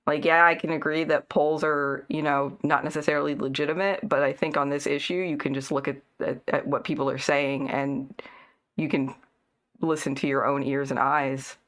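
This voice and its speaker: Low-voiced woman talking politics. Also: little pitch movement. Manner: measured, thinks aloud with fillers. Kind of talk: casual political chat.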